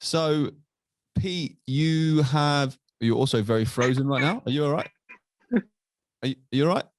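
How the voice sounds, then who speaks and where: A man's voice: a little high, a little slow, no room sound. A man hosting a podcast, playful and laughing a lot as he chats. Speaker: podcast host. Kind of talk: casual chat.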